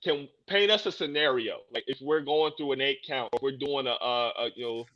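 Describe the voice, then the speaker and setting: A male host on a video call asking long, relaxed questions in laid-back, slangy speech. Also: medium pitch, a little fast, muffled recording. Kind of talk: casual video-call interview.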